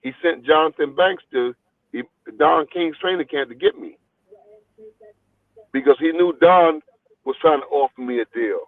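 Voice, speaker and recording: A man's voice: a little high, measured pace, long pauses, dry recording. Boxing trainer guy rambling on a phone call, repeats himself a lot, thin dry phone sound. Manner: animated, rambling, repeats words. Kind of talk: phone interview storytelling. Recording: tinny phone line, dry.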